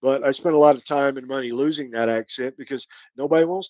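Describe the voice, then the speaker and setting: A man's voice: mid-range voice, fast talker, hardly any pauses, warm tone, dry recording, lo-fi sound. Rambling Kentucky-born man on a live chat. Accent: light Kentucky. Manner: rambling, folksy, thanks viewers by name. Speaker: channel host. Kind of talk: casual live stream chat.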